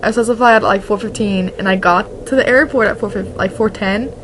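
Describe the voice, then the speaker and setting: A woman's voice: medium pitch, fast, a little hiss or hum, poor audio. A young woman from Oregon chatting casually in a vlog, rambling and restarting her sentences, with "like" in nearly every line. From Oregon, USA. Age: young adult. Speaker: vlogger.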